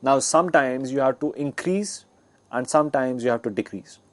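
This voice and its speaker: A man's voice: mid-range voice, moderate pace. A man as a guest speaker, explaining communication skills in an educational talk, demonstrating with his own voice. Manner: explanatory, with frequent fillers and restarts.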